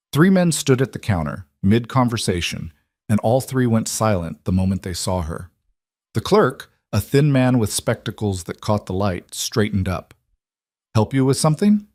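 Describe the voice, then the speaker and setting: Male narrator, low register, dead-dry booth sound; calm, measured storytelling. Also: no room sound. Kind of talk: scripted narration.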